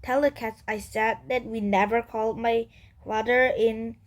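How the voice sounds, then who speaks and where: A stubborn old grandmother who won't believe what she is hearing, read by a woman. Her lines come slowly, in a children's storybook reading. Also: fairly high pitch, fairly even intonation, close to an everyday voice. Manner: reading a grandmother's dialogue aloud in a slightly raised voice. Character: elderly grandmother, stubborn and disbelieving. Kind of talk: children's book read aloud.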